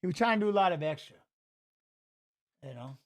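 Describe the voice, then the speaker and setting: A man's voice: high voice, lively intonation, a little fast. A man hosting a fight watch-along, mixing blunt, profane life stories with casual live commentary.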